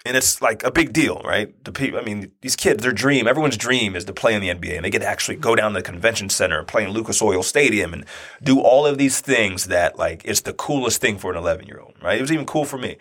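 Husky man in his forties telling a story. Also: fairly low pitch, fast. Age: 40s. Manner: conversational, animated, often checks in with "right?". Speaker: speaker and youth basketball coach. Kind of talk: personal storytelling talk.

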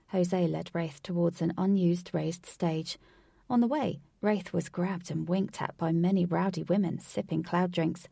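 Woman reading a story, gravelly. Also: fairly low pitch, unhurried, no echo, clean studio sound. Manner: expressive, voices each character. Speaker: narrator.

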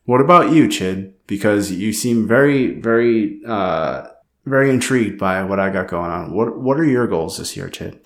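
A young adult man co-hosting a podcast in casual chat, with a dry, deadpan manner. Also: fairly low pitch, normal speed. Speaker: podcast co-host.

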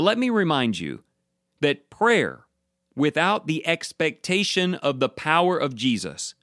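A man preaching a sermon, emphatic and slowing down to stress key words. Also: on the high side, no echo, clean studio sound.

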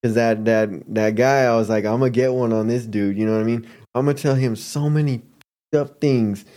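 A man's voice: medium pitch, steady tone, fairly quick, dark tone. A man telling a casual story as a podcast guest, laid-back and slangy, mimicking people he quotes. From Arizona.

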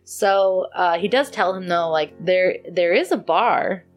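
Woman, lowish voice, casual co-host recapping a plot, faint music bed. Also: a little slow. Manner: animated retelling with acted-out quotes and laughter. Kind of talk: casual chat recapping a story.

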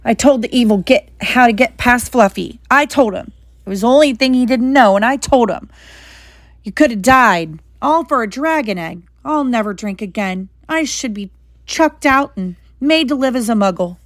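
A woman's voice: mid-range voice, expressive, normal speed, dry recording, close to an everyday voice. Lady reading as hagrid, huge bearded gamekeeper, blubbering, kind, audiobook. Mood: sobbing. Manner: sobbing, broken rustic speech.

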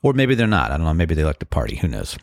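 A man hosting his own podcast, talking casually and reflectively with many fillers, a slight frog in his throat that he keeps clearing. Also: a bass voice, huge pitch swings, racing, no echo, clean studio sound. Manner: rambling, reflective, loose with fillers. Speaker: podcast host. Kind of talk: casual solo podcast talk.

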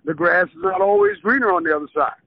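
Gravelly older man on a tinny phone line. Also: extremely high pitch, quick pace, no echo. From southern Maryland, USA. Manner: animated storyteller, acts out quoted voices. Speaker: retired basketball coach, guest. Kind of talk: casual storytelling interview.

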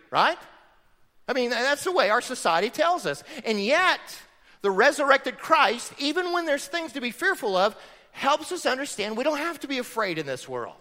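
Male pastor, high and animated, emphatic preaching style, long reverb of a big sanctuary. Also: normal speed. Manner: emphatic, rhetorical questions to the congregation. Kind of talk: sermon. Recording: long reverb of a large hall.

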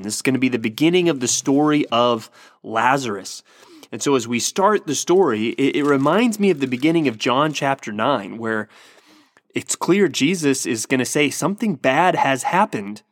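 A man's voice: medium pitch, a bit bright, no echo, clean studio sound. A man preaching a sermon, earnest and emphatic, often restarting his words as he builds to a point. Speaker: pastor.

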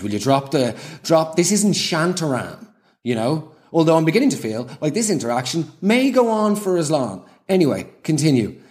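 A man's voice: fairly high pitch, big pitch swings, moderate pace, a little mellow. A man delivering a sarcastic comic monologue, full of ranting, exasperated asides. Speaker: comedian.

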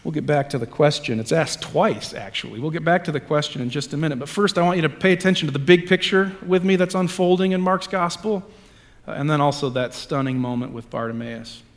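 A male pastor reading scripture aloud and then preaching a sermon, moving between hushed lines and loud ones, with casual asides. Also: fairly high pitch, fairly quick, big-room sound. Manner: reads scripture with dramatic swings from hushed to loud; conversational asides with fillers.

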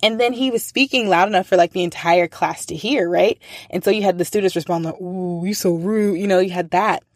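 Animated woman telling a classroom story. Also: on the low side, quick pace, dry recording, clean studio sound. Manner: animated, acts out quoted voices, laughs often. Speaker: teacher and faith speaker. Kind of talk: casual storytelling talk.

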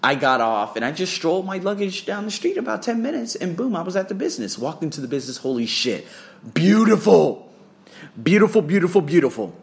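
A man telling a travel story in a casual vlog, profane and excitable, swearing freely as he talks. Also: sits high, fast talker, vocal fry, hardly any pauses. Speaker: vlogger and English teacher.

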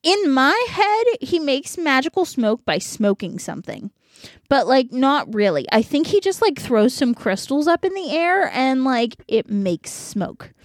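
A woman's voice: sits high, big pitch swings, measured pace, no echo, clean studio sound. A young woman hosting a podcast, casually retelling a story with a rambling, giggly manner and many fillers. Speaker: podcast host. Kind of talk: casual chat.

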